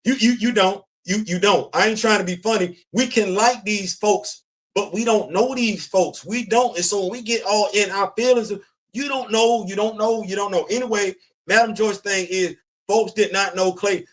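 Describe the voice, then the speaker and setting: A man's voice: high voice, moderate pace, fairly bright tone. A man hosting a casual commentary show, talking bluntly and emphatically, repeating his points. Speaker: podcast host.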